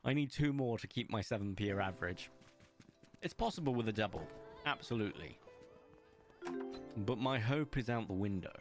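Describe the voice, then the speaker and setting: With faint music behind him, a young man plays a game on a home live stream, window open, joking about himself and talking to chat. His voice is fairly low with lively intonation and a moderate pace, broken by long pauses.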